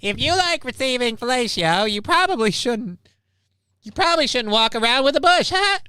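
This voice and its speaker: A man putting on a high, squeaky cartoon sponge voice as a joke on a live stream. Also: animated, normal speed, sharp tone, clear, resonant tone, full character voice. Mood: goofy.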